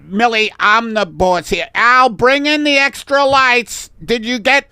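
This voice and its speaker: A man's voice: extremely high pitch, unhurried, sharp tone, clean tone, no room sound, clean studio sound, pitched above the performer's own voice, heavily acted. A man voicing a fussy, bossy male photographer who keeps insisting on more lighting. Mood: insistent. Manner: pleading, insistent.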